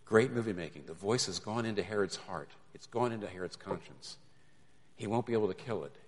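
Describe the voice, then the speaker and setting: A man's voice: lowish voice, expressive, fairly quick, long reverb tail. A male pastor preaching a sermon in a conversational manner, building to emphatic peaks, then closing in prayer.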